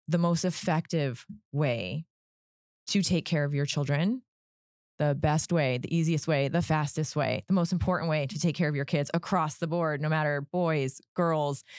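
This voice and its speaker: Brief: woman psychologist guest, low voice, earnest explainer, dry sound. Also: a little mellow, dry recording. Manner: earnest, explanatory, keeps checking in with "right?". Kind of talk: casual podcast chat.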